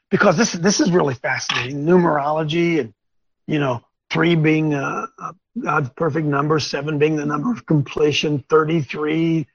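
A man with a high, gravelly, husky voice preaches to camera on his Bible show. He rambles, throws in folksy asides and turns to talk with his crew. The sound is dry and a bit dull, with a lo-fi feel. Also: no echo. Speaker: host of a Bible teaching show. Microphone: on camera, wearing glasses.

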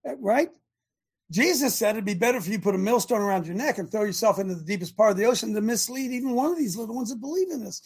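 Husky-voiced host, fervent, preachy, rhetorical questions. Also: medium pitch, quick pace. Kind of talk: preaching to listeners.

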